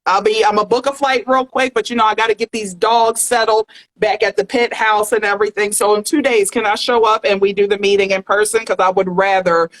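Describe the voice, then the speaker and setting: A woman's voice: medium pitch, steady tone, a little fast, close to an everyday voice, rough recording. A woman putting on a haughty, demanding diva pop star, sassy and imperious. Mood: airy, haughty. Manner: sassy, imperious, calls for champagne.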